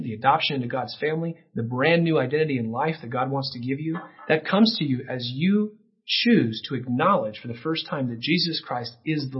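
Man, preaching, husky, fervent swings up to near-shouting, mid pitch, muffled lo-fi sound. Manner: impassioned, rising to near-shouting peaks. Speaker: pastor. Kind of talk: sermon. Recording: dull lo-fi sound.

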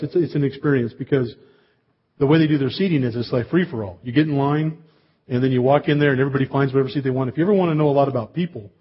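A man preaches to his congregation in a relaxed, storytelling way, sprinkling in jokes and casual asides. His voice has a slightly husky edge at a middling pitch. The recording sounds dull and lo-fi. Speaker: pastor. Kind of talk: sermon.

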